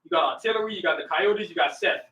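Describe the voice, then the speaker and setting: High bright-voiced livestream host, hyped. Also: male voice, fast, husky. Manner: hyped, motivational, slangy and direct. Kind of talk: casual livestream talk.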